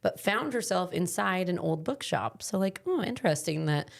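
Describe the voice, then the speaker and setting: A woman's voice: fairly low pitch, animated, creaky. Chatty woman summarizing a book. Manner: chatty, many "like" fillers, quick bursts. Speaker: book podcast host. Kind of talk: casual book summary chat.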